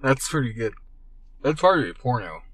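A man's voice: medium pitch, very animated, fast talker, a bit bright. A man co-hosting a podcast, chatting casually, laughing often and swearing freely. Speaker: podcast co-host. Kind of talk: casual chat.

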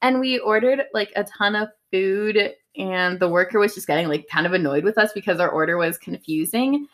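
A woman's voice: medium pitch, moderate pace, fairly bright tone. A young woman in her twenties with a teasing, sarcastic, giggly manner, co-hosting a casual podcast chat as the daughter.

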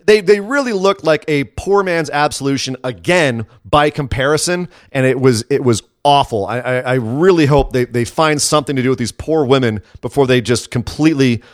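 A man's voice: medium pitch, moderate pace, hardly any pauses, no echo. Man, co-host, casual opinionated chat, sarcastic edge, dry close sound. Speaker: wrestling podcast co-host.

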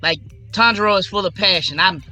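An anime podcast co-host in excited casual chat who mimics the characters. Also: mid-range voice, a little fast, faint music behind.

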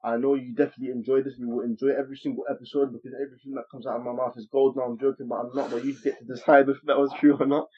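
A man's voice: mid-range voice, flat delivery, racing, hardly any pauses, breathy edge. A man hosting a podcast in casual chat, playful and grandiose when signing off. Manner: playful, grandiose sign-offs. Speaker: podcast host. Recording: dull lo-fi recording.

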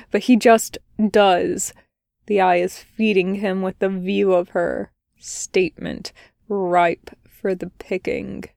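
A woman reading fan fiction aloud as a podfic, in a quiet, measured narration. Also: mid-range voice, creaky, smooth, no echo, studio quality. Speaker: podfic reader.

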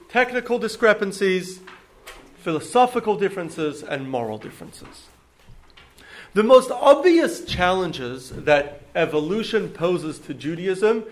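Male lecturer, slightly high voice, halting with ums and self-corrections. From United States. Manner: hesitant, many ums and restarts. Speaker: lecturer on Judaism. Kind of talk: public lecture to an audience.

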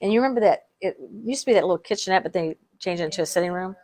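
A woman's voice: on the low side, very fast, darkish tone. A middle-aged woman co-hosting a casual chat, telling family stories with frequent laughter and restarted sentences. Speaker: podcast co-host.

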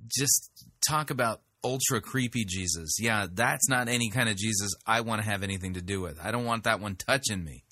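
A man's voice: fairly low pitch, a little fast, sharp tone, no room sound, clean studio sound. A man commenting on sermon clips, blunt and sarcastic in his interjections. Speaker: sermon reviewer. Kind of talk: critical commentary over clips.

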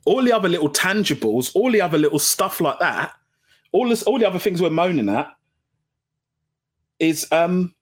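A man hosting a casual solo boxing podcast, chatty and self-mocking. He drops into low mumbles and then jumps up into loud, high bursts. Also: big pitch swings, normal speed, long pauses. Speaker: podcast host. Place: at home, sitting under a blanket. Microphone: home podcast mic.

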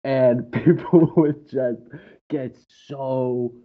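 A man chatting casually and telling animated, laughing stories. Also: medium pitch, drawn-out words. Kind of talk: casual chat. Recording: dull lo-fi audio.

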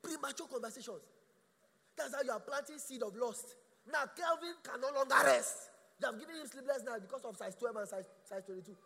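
A man's voice: very high-pitched, brisk, pushed and bright, slight background noise. A man preaching a sermon in church. He asks rhetorical questions and stammers through restarts. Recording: echoey church hall.

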